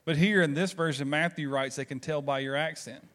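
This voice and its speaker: A man's voice: a little high, fairly even intonation, a little fast, a bit bright. A man with a Southern American accent preaching a sermon, telling stories conversationally and throwing rhetorical questions to the congregation. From Southern United States. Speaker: pastor.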